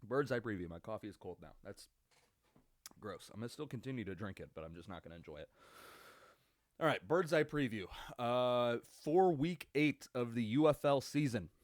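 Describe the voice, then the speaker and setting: A young man's expressive, mid-range voice carries his casual solo sports podcast at a moderate pace. He records with a webcam at a home computer setup, yet it sounds clean like a studio, without echo. He rambles and swears, using many fillers and restarts.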